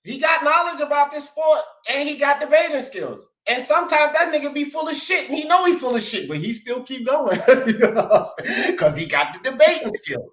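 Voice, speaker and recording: A man's voice: very high voice, lively intonation, a little fast, few pauses, fairly bright tone. A man hosting a sports talk stream, arguing in a fired-up, profane, emphatic way and calling people "bro" and "dog". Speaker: host. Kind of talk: heated sports talk debate. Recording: roomy echo.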